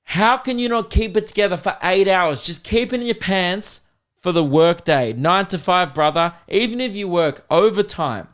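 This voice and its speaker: A young Australian man hosting a comedy podcast, ranting in a profane, animated way and laughing often. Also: high voice, normal speed. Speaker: podcast host.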